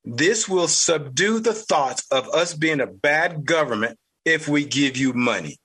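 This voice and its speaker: A man with a Southern US accent, hosting a podcast with blunt, fired-up political commentary, mild cursing and a husky voice. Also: a little high, lively intonation, measured pace, pushed and bright. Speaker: podcast host.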